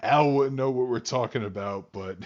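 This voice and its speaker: A man chatting casually on a podcast, retelling things with lively swings and fillers. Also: medium pitch, normal speed, dull audio, a little hiss or hum. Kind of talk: casual chat.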